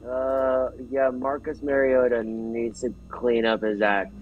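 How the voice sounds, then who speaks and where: A man's voice: mid-range voice, completely flat delivery, takes it slowly, narrow, tinny audio, slight background noise. A man chatting casually as co-commentator during a football stream, with blunt, exasperated reactions. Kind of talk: casual game-watching chat.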